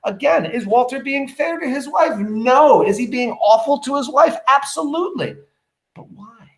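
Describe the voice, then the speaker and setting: Male teacher, lively pitch, echoey room, reads a play aloud and explains it. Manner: animated, questioning, pauses to explain. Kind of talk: reading a play aloud with commentary for students.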